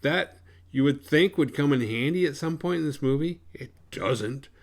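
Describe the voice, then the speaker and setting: A man's voice: a little high, normal speed. Sarcastic rambling man recapping a film. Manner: rambling and profane, with sarcastic asides. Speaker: horror movie review podcast host. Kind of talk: casual spoiler-filled movie recap.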